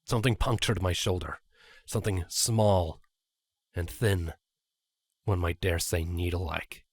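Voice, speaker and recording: A man reading a fan fiction story aloud with an expressive, animated delivery. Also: deep voice, unhurried, dry recording. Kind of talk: dramatic story narration.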